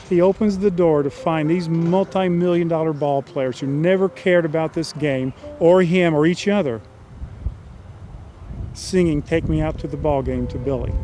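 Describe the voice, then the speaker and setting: Man, slightly high voice, folksy earnest storyteller, clear music bed underneath. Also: mellow, low-quality recording. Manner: folksy, earnest storyteller quoting characters plainly. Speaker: screenwriter telling his story. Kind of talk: storytelling synopsis.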